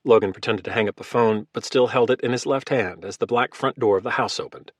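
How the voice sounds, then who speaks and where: A man narrating a thriller audiobook in a steady, clipped manner. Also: mid-range voice, brisk, hardly any pauses, no echo, clean studio sound.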